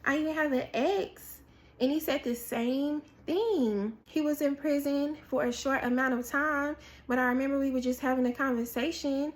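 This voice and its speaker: In a high voice at normal speed, this woman delivers a prophetic sermon through lively storytelling. She voices other people's words as she acts them out and repeats important phrases to drive them home.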